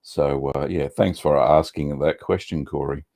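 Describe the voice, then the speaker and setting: Gravelly Australian man, relaxed livestream host. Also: extremely low pitch, measured pace. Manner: relaxed, rambling, many ums and uhs. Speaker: cheese-making livestream host. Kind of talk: casual livestream chat.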